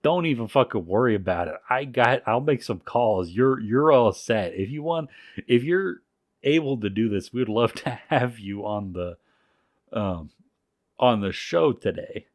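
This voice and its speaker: A man's voice: mid-range voice, expressive, a little slow, no echo, clean studio sound. A man voicing a curious, eager male TV journalist who fires off incredulous questions.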